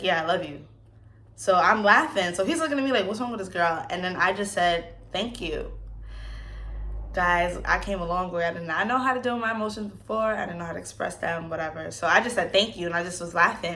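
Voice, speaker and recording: A woman's voice: on the low side, brisk, pushed and bright. A woman in her twenties from the United States, hosting a casual Q&A vlog and telling stories animatedly, acting out the voices of the people she quotes and laughing often. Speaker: vlogger.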